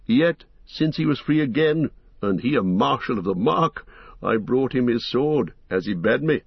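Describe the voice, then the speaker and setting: A man's voice: medium pitch, lively intonation, a little slow, creaky, husky, dry recording, dull audio, exaggerated voice. A man voicing a nervous male guard who speaks in a trembling, apologetic way in a storybook reading. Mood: anxious.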